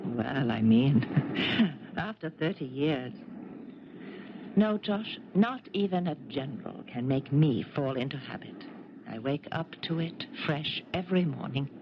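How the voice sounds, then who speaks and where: An actress with a French accent playing a teasing, affectionate middle-aged wife who once fought in the resistance, in a 1970s radio drama. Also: female voice, very deep voice, animated, unhurried, full character voice. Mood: tender. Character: French former resistance fighter wife, playful, older. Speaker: lead actress. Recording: lo-fi noisy 1970s radio broadcast.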